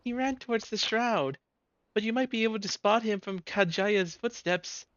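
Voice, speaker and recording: Guy doing an eager lil village boy, high and bouncy, helpful, muffled lo-fi game audio. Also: normal speed, a bit bright, clean tone, no echo. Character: earnest young boy villager.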